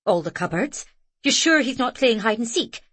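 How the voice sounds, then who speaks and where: A woman voicing a practical, level-headed housekeeper who asks calm, probing questions. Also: fairly high pitch, normal speed, no room sound.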